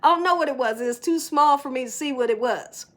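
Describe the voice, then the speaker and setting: A middle-aged woman vlogging from home, telling a story to her viewers in an animated way, laughing often and dropping to whispers. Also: high voice, quick pace.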